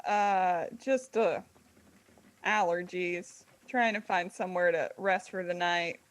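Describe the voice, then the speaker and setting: A woman playing a tabletop game with friends, making playful deadpan jokes. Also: on the low side, slow. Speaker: player. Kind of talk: casual play with friends.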